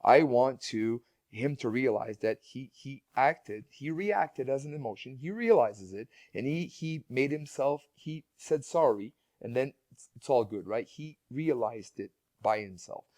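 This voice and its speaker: A man's voice: mid-range voice, animated, a little slow, darkish tone, dry recording. A man who is a guest speaker and parent, telling stories in a casual interview with many restarts and repeated words.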